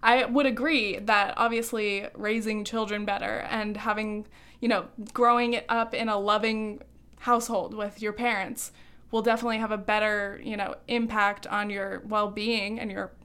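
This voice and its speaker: A woman hosting a podcast, ranting quickly and heatedly, running short of breath. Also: medium pitch, little pitch movement, fairly bright tone, clean tone. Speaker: podcast host. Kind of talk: opinionated podcast monologue.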